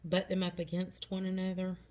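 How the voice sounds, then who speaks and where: A woman's voice: on the low side, completely flat delivery, a little fast, darkish tone. A middle-aged woman talking through a nail tutorial step by step, chatty and reassuring.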